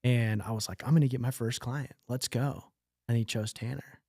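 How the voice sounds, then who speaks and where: A business development manager telling an animated work story in a casual podcast chat. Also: male voice, mid-range voice, moderate pace, no room sound, studio quality.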